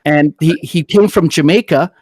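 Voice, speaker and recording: A man's voice: on the high side, moderate pace, slightly rough, no echo. A middle-aged man hosting a casual political chat, rambling and swearing heatedly as he tells stories. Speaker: podcast host.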